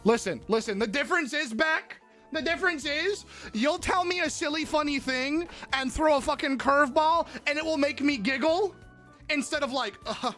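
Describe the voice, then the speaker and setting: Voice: sits high, normal speed, bright, forceful tone, faint music behind. A livestreamer chatting casually with viewers, rambling, giggling often and swearing freely.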